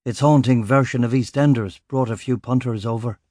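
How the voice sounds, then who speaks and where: A man reading a crime novel in first person, with a dry, sardonic, gruff delivery. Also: mid-range voice, brisk, mellow, dry recording. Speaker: audiobook narrator. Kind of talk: first-person scripted narration.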